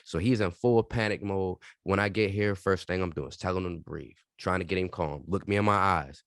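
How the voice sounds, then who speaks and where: A podcast co-host with a low-pitched, slightly quick voice tells stories in a casual, animated way, emphatic and full of profanity. The recording is studio quality with no echo.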